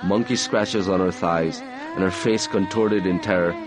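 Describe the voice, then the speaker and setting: Low-voiced man reading fiction aloud. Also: fairly even intonation, measured pace. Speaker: author reading his novel.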